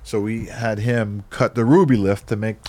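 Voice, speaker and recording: A man, a guest on a podcast, telling animated stories about his past in a casual way, often adding "right?". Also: fairly low pitch, moderate pace, slight background noise. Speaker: podcast guest, skateboard company founder. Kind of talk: casual storytelling.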